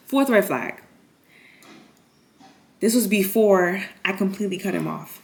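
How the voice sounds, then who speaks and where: A woman's voice: medium pitch, measured pace, creaky, pauses often. A woman candidly retelling a painful personal story in a vlog, emotional and dramatic. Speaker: nurse telling a personal story.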